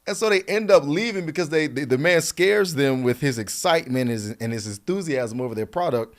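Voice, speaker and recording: A man telling a story to the camera, casual and playful, with quick asides to the viewer. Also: a little high, gravelly. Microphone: camera mic.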